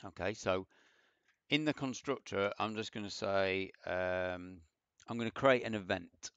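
A man with a low, smooth, slightly bright voice speaks a little slowly as he thinks aloud through a casual coding tutorial shared on screen. This programming teacher rambles and runs himself down while typing, recorded on a dull, dry lo-fi mic with no room sound.

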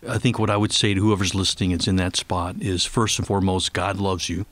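Middle-aged man, low voice, earnest radio guest, dry studio sound. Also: fairly even intonation, a bit bright, no room sound. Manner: earnest, slow and tender when praying aloud. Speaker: ministry leader and guest. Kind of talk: faith radio interview.

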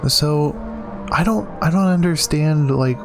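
A man talks through a computer game in a relaxed, casual way, often reading the on-screen text aloud and breaking into excited exclamations. He speaks slowly, and game music plays clearly behind him. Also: fairly high pitch. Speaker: gaming channel host. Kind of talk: casual let's play commentary.

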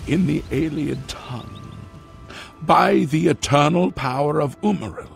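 A man's voice: a little high, a little slow, vocal fry. An actor playing a solemn male prophet in a video game, declaiming warnings of an ancient sorcerer's return, with faint music behind. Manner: grave, declaiming, prophetic, chants ancient words. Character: grim old male prophet of doom, solemn.

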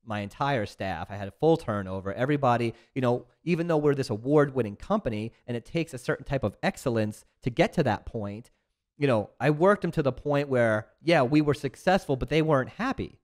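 A man's voice: mid-range voice, expressive, fairly quick. A man speaking as a guest in a casual interview, talking earnestly and reflectively about his own life. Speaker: podcast guest, business owner.

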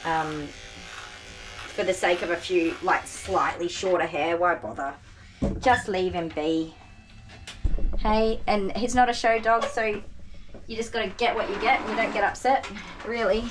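A woman's voice: mid-range voice, unhurried, pauses often, a little hiss or hum, low-quality recording. A tired woman, a dog groomer chatting casually to the camera on a tripod while soothing a dog. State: tired, sore back. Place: grooming room. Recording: clippers buzzing behind.

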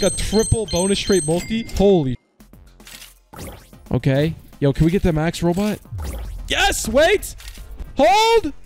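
An excitable young man in his twenties talks casually over a slot game, his slightly high voice leaping all over the place between groans and shouts. A faint music track plays behind him. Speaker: slot streamer. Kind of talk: casual gambling commentary.

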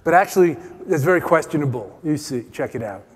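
An American man giving a playful, teasing meditation talk at a retreat, his voice dropping to soft, quiet tones. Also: on the high side, lively intonation, a little fast, breathy edge. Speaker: meditation teacher. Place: retreat meeting hall. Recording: long hall reverb.

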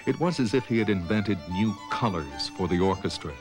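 Deep-voiced male documentary narrator. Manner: calm, measured storytelling. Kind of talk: scripted narration. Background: music.

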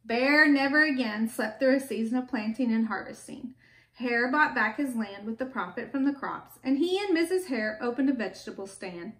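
A woman reading a picture book aloud to children, gentle and stopping to ask them questions. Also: fairly high pitch, animated, normal speed. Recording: echoey room with faint background.

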